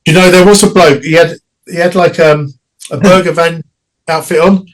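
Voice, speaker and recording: A man's voice: on the high side, steady tone, rough recording. Chatty middle-aged man telling stories. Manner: chatty, laughing, restarts and quick quoted asides. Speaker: guest singer. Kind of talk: casual interview storytelling.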